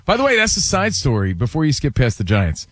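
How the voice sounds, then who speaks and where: A man's voice: mid-range voice, wildly swooping pitch, fairly quick, a bit bright, dry recording, clean studio sound. A man hosting a sports radio show, leading the segment and reading listener comments in an easygoing way. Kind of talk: casual sports talk banter.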